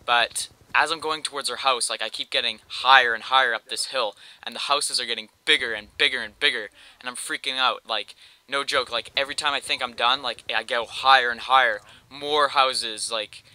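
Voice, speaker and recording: A man's voice: medium pitch, steady tone, moderate pace, few pauses, sharp tone, no room sound, low-quality recording. A young man from Canada tells a long rambling story over gameplay, full of slang and "like". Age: young adult. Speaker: gameplay commentator.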